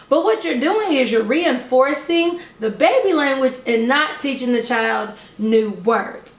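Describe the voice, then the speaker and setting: A young woman, a preschool teacher, giving an upbeat lesson to parents in a slow, carefully over-enunciated way. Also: high voice, expressive, echoey room. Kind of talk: instructional talk to camera.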